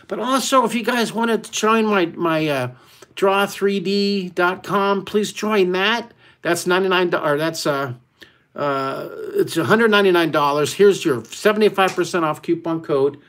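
A middle-aged man hosting a live drawing lesson for kids from home, talking in a playful, excitable and chatty way straight to his young viewers. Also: high-pitched. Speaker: art teacher hosting a live kids' drawing webcast. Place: at home, son and cat in the room.

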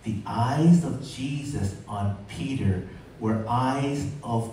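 Brief: male pastor, expressive sermon delivery, mellow tone, heard from a distance in a very echoey church hall. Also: slow, a little hiss or hum. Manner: expressive, acts out quotes with pitch jumps. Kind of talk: bilingual sermon with interpreter.

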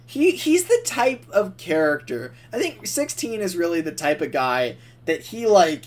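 A young man co-hosting a podcast, chatting casually in an excitable, rambling way, full of fillers. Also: sits high, unhurried. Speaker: podcast co-host. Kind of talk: casual chat.

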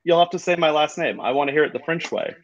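A man's voice: on the high side, fast, dull audio. A man from the United States, a guest on a talk show, chatting in a friendly way and laughing often. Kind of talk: casual interview chat.

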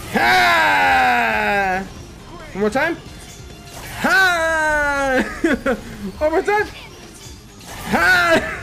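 A man giving casual, excitable commentary while playing a fighting game, gasping and laughing as he reacts. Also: high-pitched. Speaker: let's player.

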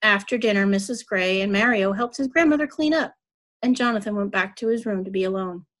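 A woman reading a children's story aloud at a church service, telling it evenly and clearly. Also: mid-range voice, fairly quick, a bit bright.

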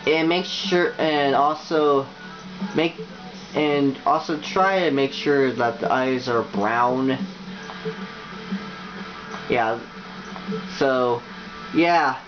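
A young man talks through a video game tutorial in a rambling, halting way, full of fillers and restarts. His voice sits at a middling pitch, and the audio is dull and lo-fi with music playing clearly underneath. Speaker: YouTuber.

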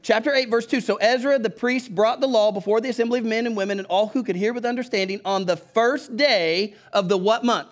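A middle-aged pastor with a Southern country accent delivers a folksy sermon, asking the congregation to read along with him. His male voice sits high, and he speaks fairly quickly with hardly any pauses.

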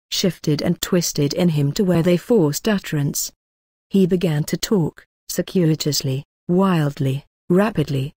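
Low mellow woman reading an audiobook. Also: no echo, studio quality. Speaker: audiobook narrator. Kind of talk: scripted narration of a novel.

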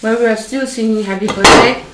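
A woman's voice: a little high, brisk, very noisy. A woman from Northeast India who is a food vlogger, telling funny stories with a laugh while eating at home. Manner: laughing, animated storytelling. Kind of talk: casual storytelling over a meal. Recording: echoey room, faint clatter of dishes.

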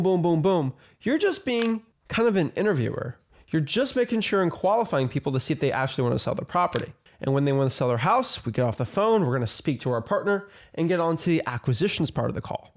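A man coaching real estate wholesalers, talking in a blunt, emphatic and repetitive way with casual slang. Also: fairly high pitch. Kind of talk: direct-to-camera teaching monologue.

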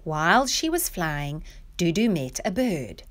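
Lively woman reading a children's story. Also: fairly low pitch, unhurried. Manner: lively, expressive read-aloud.

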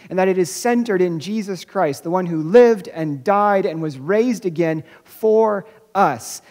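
A pastor preaches an Easter sermon in a church sanctuary, and the voice hangs in a long, ringing hall reverb. The delivery is searching and unpolished, with phrases restarted and words doubled before key lines are slowed for weight. The pitch sits in an ordinary middle range. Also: a little mellow. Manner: searching, repeats words and restarts, slows for emphasis.

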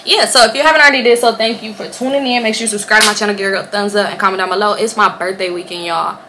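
A young woman vlogger telling a storytime to her camera at home, casual and animated, swearing freely and acting out what people said. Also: mid-range voice, very fast, background noise. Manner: animated, swearing, acts out quotes. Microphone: camera or phone on a stand.

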